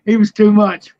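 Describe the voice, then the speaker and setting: An older man, a retired wrestler telling road stories in an interview, laughing often and shouting out the lines he quotes. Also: sits high, no echo, dull audio. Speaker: retired pro wrestler, guest. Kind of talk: storytelling interview.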